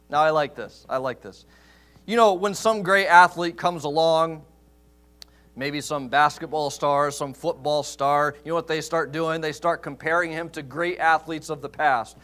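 A man pastor preaching a sermon in a church, emphatic, swinging from loud rises to quiet asides. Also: sits high, normal speed.

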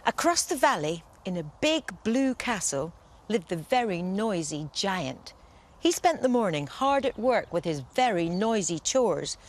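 Woman reading a bedtime story, slow and lively in pitch, gentle storyteller.

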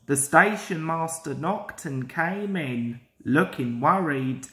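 A woman reading a children's train story aloud in a slow, lively storytelling cadence. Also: deep voice. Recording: roomy echo.

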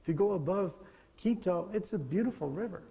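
A man's voice: high-pitched, lively intonation, a little fast, vocal fry, mellow, big-room sound. A middle-aged man giving a casual, conversational classroom lecture, wandering between points and chuckling as he goes. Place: lecture hall.

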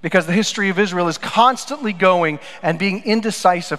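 A man with a fairly high voice preaches a sermon in a church. His delivery swings between loud, emphatic lines and quiet, low asides as he tells stories. The sound rings with a long hall reverb. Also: a little fast, hardly any pauses. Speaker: pastor. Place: church sanctuary.

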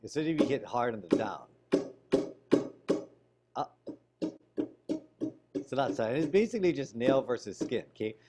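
Lively man teaching ukulele online. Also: medium pitch, normal speed, long pauses, very noisy. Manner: relaxed, explains while demonstrating, counts strums aloud. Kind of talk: online music lesson. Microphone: video call. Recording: ukulele playing loud behind voice. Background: ukulele strumming.

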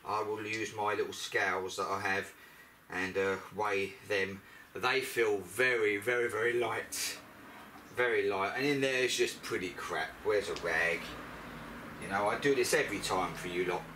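A man's voice: lowish voice, fairly even intonation, unhurried, pushed and bright, recorded from a distance, slight background noise. A man talking viewers through a moped repair as he works, in a rambling, chatty way with asides to the audience. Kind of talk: chatty workshop commentary while working. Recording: echoey garage, voice off-mic.

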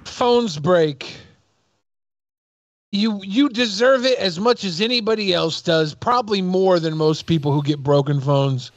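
A man's voice: sits high, unhurried, no room sound, lo-fi sound. A man co-hosting a commentary show, mocking and blunt, swearing freely. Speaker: co-host. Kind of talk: commentary on clips.

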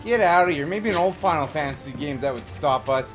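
A man from Canada doing excitable let's-play commentary, trash-talking the enemies he fights and rambling into jokes. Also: fairly high pitch, brisk. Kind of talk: live gameplay commentary. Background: game music.

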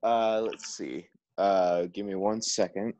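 A man's voice: low-pitched, steady tone, slow, a little mellow, a little hiss or hum. A young man playing a tabletop game, talking casually and hesitantly while describing his character's moves. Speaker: player. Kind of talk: playing a tabletop game over a video call. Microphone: video call. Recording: muffled video-call audio.

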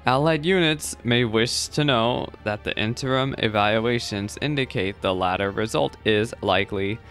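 A man's voice: on the low side, normal speed, a bit bright, faint music behind. A man voicing a formal, literal-minded robot unit with a clipped, mechanical delivery while reading game dialogue aloud. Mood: formal, robotic.

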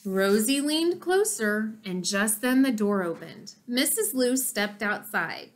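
A woman narrates a children's chapter book in an expressive storytelling way. Her voice is fairly high and very lively in pitch, and she reads at a slow, deliberate pace. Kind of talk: children's audiobook reading.

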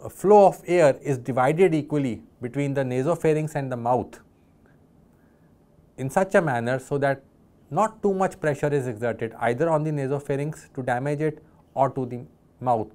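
A man's voice: medium pitch, a little mellow. A man with an Indian English accent giving a recorded anatomy lecture, patiently explaining and repeating key terms.

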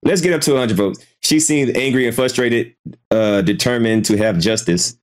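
A man with a medium-pitched voice hosts a casual live commentary stream at a moderate pace. As the channel host, he sounds hesitant, repeats himself, and swears freely while reacting.

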